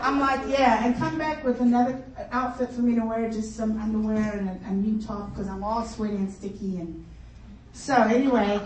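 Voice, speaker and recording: A middle-aged woman telling a comic story to a luncheon crowd in a chatty, animated way, laughing as she goes. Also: on the high side, fairly quick. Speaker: luncheon speaker. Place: conference luncheon hall. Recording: echoey hall from far off, room noise.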